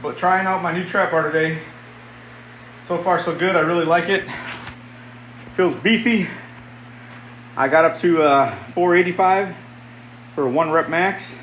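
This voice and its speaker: A man's voice: on the high side, a little slow, pauses often, a bit bright, reverberant, low-quality recording. A man in his fifties chats through a live workout stream in a slightly raised voice, plainspoken and circling back over the same points. The sound bounces around a bare home basement, with a faint hum of room noise underneath. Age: 50s. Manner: plainspoken, rambling, repeats himself. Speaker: fitness streamer. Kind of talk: casual live-stream chat while lifting.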